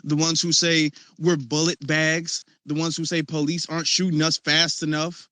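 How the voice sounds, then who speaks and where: A man hosting a casual online discussion, animated and mocking as he acts out the people he criticizes. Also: on the high side, brisk, dry recording. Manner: animated, mocking quoted voices.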